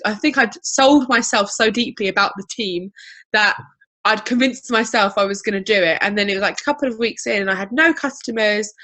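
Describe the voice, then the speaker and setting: A woman telling her story on a video call, chatty and animated. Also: mid-range voice, a little fast. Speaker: guest. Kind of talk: casual video-call interview.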